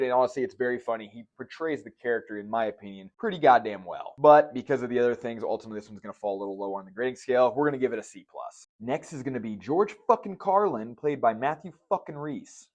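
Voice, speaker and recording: A man's voice: medium pitch, darkish tone. A man giving a casual, joking movie review, swearing freely as he talks. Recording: dull lo-fi recording.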